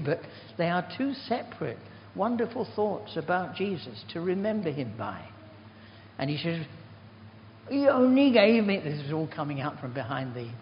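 A man's voice: fairly high pitch, slight background noise. An older man giving an informal sermon, chatty and rambling, telling self-deprecating stories. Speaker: preacher. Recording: dull recording in a reverberant hall.

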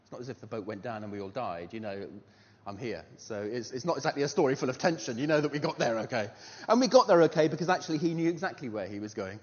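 A man preaching a sermon, telling a story and asking animated rhetorical questions with a touch of self-deprecating humour. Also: mid-range voice, fast talker. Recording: dull sound with long hall reverb.

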